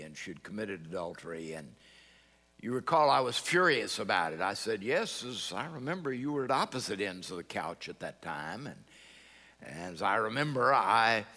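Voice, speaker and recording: A man's voice: mid-range voice, gravelly, bright, forceful tone. A man preaching a sermon, telling a story and quoting both sides of a conversation. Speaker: pastor. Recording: long hall reverb.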